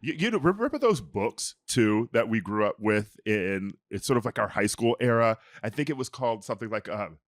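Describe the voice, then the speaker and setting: A man's voice: lowish voice, lively intonation, a little fast, few pauses, no room sound, studio quality. A man co-hosting a podcast in a campy, giggly, teasing chat. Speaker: podcast co-host. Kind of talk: casual chat.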